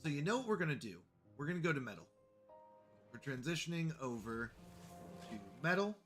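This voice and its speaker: With faint music playing behind him, this Canadian gamer speaks in a high-side, sing-song, slightly bright voice, a little fast. He's chatty and friendly, talking to his chat as he plays.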